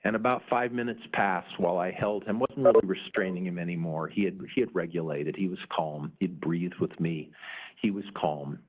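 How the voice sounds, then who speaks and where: Deep husky man telling a story. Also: normal speed. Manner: earnest, frequent "uh" fillers. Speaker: conference presenter. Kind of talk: storytelling talk. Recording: narrow phone-like sound.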